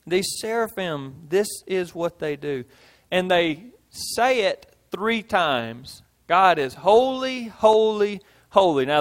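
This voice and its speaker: Male preacher, high tenor, folksy storytelling sermon delivery. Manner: folksy, illustrates with homey stories and repetition. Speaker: pastor.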